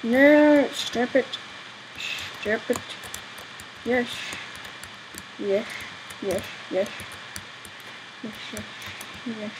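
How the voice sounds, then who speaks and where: A woman's voice: on the high side, very slow, long pauses, background noise. A young woman giving chatty, exasperated commentary on her own gameplay, exclaiming often. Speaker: gaming channel host.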